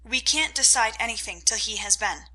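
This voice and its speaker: A woman's voice: on the high side, expressive, normal speed, sharp tone, heavily acted, low-quality recording. A woman voicing a sensible, worried young eldest sister, earnest and proper.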